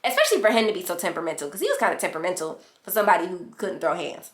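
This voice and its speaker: A young woman vlogger telling a storytime in casual chat, animated and slangy, acting out what others said. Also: lowish voice, racing. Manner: animated, slangy, acts out quotes. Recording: echoey room.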